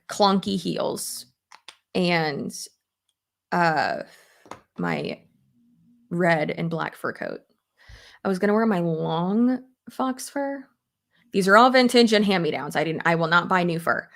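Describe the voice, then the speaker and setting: A woman's voice: on the low side, vocal fry. A young adult woman chatting casually on a live stream while doing her makeup, rambling with lots of fillers and answering viewers' comments.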